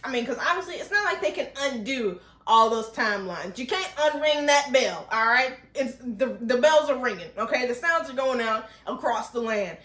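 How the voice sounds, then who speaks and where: Lively, high-voiced woman recapping TV. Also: moderate pace, few pauses. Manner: chatty, laughs often, asks rhetorical questions. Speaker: TV recap host. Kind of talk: casual, animated review. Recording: echoey room.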